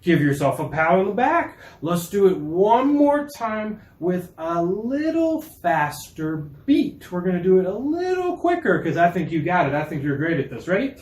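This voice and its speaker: A man's voice: high-pitched, sing-song, normal speed, few pauses. A man music teacher leading children through rhythm reading indoors, patient and reassuring. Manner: patient, reassuring, warmly encouraging. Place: indoor room. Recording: echoey room.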